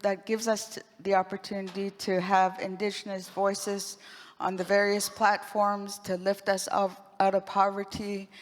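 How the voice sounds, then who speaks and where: A woman from the west coast of British Columbia, Canada, giving heartfelt remarks on a stage microphone and repeating words as she speaks. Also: mid-range voice. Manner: warm, emotional, with restarts. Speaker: program graduate speaking at an event. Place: large event hall. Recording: long hall reverb.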